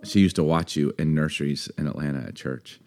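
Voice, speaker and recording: A man co-hosting a casual podcast chat, telling animated stories and acting out the people he quotes. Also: a bass voice, a little fast. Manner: animated storytelling, acts out quoted voices. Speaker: podcast co-host.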